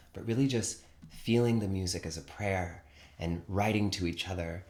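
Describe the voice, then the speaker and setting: A man hosting a live online spiritual session, gently encouraging his audience to join in. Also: low-pitched, steady tone, normal speed, echoey room. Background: guitar playing.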